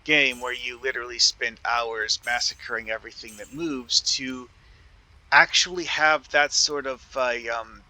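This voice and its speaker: Playing a video game, this male gaming video creator offers loose, rambling commentary, thinking out loud and often using fillers or starting over. He speaks a little slowly in a steady, mid-range voice that sounds pushed and bright.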